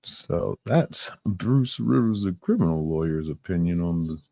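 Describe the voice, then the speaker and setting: Low-voiced host dude, swears a lot, combative, voice jumps all over the place. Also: male voice, expressive, a little slow, gravelly, warm tone, no room sound. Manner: profane, combative, blunt. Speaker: podcast host. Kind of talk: casual opinion chat.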